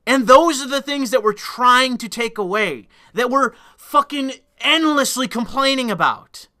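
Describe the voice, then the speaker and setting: A man's voice: very high voice, lively intonation, unhurried, bright, forceful tone. A man delivering a solo commentary rant in a blunt, profane, emphatic way. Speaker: political commentator.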